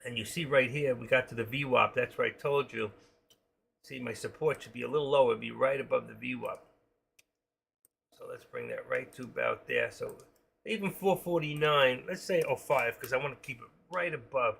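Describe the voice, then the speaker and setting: A middle-aged man runs a trading live stream and talks his numbers through out loud. His voice is gravelly and husky with a bright, sharp edge, and he rambles and cracks jokes as he thinks. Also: mid-range voice, normal speed. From New York. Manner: rambling, joking, thinking aloud.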